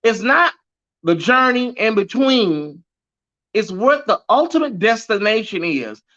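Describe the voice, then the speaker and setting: A man with a high, bright voice hosts a live stream show and preaches to his viewers with sass, calling them girl and honey. He sounds a little nervous. The audio is muffled and lo-fi. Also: very animated, measured pace. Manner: sassy, sermon-like, calls viewers y'all, girl and honey. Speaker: host of a live pop culture show.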